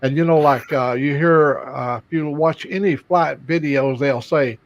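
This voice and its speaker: A man's voice: on the high side, a little slow, no echo. An older man chatting casually as co-host, telling stories with many fillers and restarts. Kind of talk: casual chat. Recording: dull lo-fi sound.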